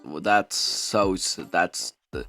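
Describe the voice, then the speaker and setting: A man's voice: deep voice, animated, slow pace, creaky, pushed and bright, exaggerated voice. A man voicing an indignant young female dragon who swears in outrage. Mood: outraged.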